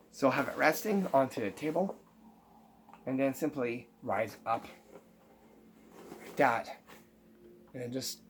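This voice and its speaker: A man explaining how a magic prank is made, step by step, pausing often with ums. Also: medium pitch, a little hiss or hum. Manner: unhurried, halting with many ums, explaining step by step. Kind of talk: magic trick tutorial.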